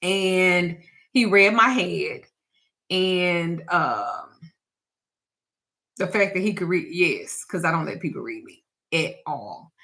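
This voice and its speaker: A woman's voice: fairly low pitch, expressive, slow pace, sharp tone. A woman who teaches spiritual practice and does readings, telling a personal story in casual, candid talk. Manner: candid and reflective, trails off with restarts.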